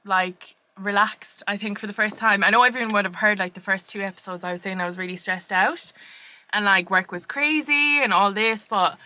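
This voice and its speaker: Chatty young Irish woman, bright voice. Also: medium pitch, moderate pace, a little hiss or hum. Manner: chatty, rambling storyteller with many fillers. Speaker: podcast co-host. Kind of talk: casual chat.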